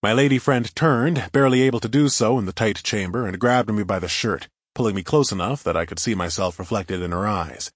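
A man narrates a first-person audiobook in a wry, conversational manner. His voice sits on the low side. The recording is dry and close, with no room sound. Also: a little fast, hardly any pauses, no room sound.

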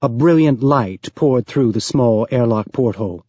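A man reading an audiobook aloud as narrator, raising his pitch to voice characters. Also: lively intonation, a little slow, mellow, breathy edge, dry recording, highs cut off.

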